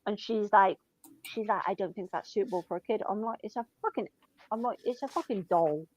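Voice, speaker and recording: A woman's voice: mid-range voice, fairly quick, darkish tone, no room sound, highs cut off. A woman telling blunt, sweary stories about her shop customers in casual chat.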